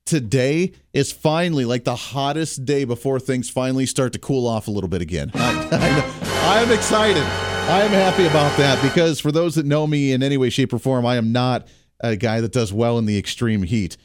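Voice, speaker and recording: A man hosting a radio talk show, delivering a solo monologue with sarcastic, animated banter. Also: mid-range voice, brisk, over music. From Kansas, US.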